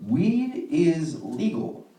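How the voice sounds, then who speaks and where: Lively young man doing stand-up. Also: on the high side, roomy sound, recorded from a distance, background noise. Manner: profane, animated storytelling with quick asides. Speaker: stand-up comedian. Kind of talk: stand-up comedy set. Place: comedy club stage.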